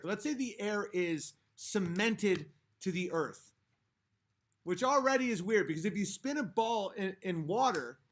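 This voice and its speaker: A man's voice: high voice, a bit bright, a little hiss or hum. A man hosting a livestream, ranting heatedly with lots of swearing while reading chat comments aloud, a few drinks in. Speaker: livestream host. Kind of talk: late-night livestream rant.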